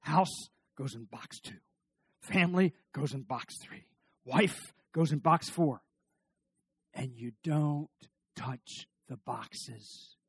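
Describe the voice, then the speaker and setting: A middle-aged man giving a humorous talk on marriage to a live audience, animated and joking, often restarting his sentences. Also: fairly high pitch, slow, breathy edge, no echo. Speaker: speaker on marriage.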